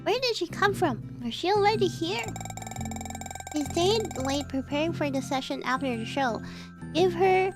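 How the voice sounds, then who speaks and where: A woman's voice: extremely high pitch, expressive, normal speed. A woman streamer reading a visual novel aloud and chatting with viewers, bubbly and giggly, with cutesy playful exclamations. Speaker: VTuber streamer. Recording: game music playing behind. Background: game background music.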